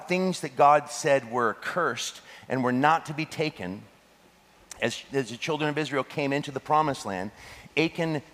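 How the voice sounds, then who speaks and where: A man preaches to his congregation, animated and quick to break into jokes and laughter. His voice sits mid-range for a man. The sound carries a long reverb from a large hall. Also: medium pitch. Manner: animated, joking asides with laughter. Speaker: pastor. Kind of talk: sermon.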